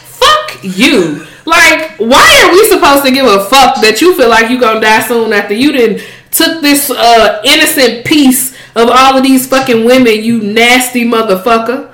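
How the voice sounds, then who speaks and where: A woman co-hosting a podcast, talking in blunt, animated casual chat with plenty of cursing. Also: on the high side, moderate pace, hardly any pauses, a little hiss or hum. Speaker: podcast co-host. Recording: roomy echo.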